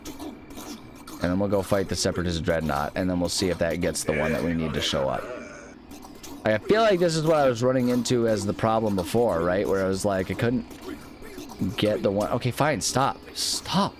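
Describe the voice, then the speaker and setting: A man's voice: deep voice, animated, brisk. A young man casually commenting on a video game as he plays, thinking aloud and rambling with lots of restarts. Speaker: let's play host.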